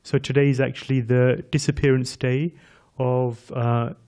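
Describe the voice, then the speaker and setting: A man's voice: medium pitch, level tone, a little slow, warm tone. A man with an English accent giving a conversational sermon as a visiting speaker, talking directly to his audience and asking them questions. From England. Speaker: visiting speaker at a temple class.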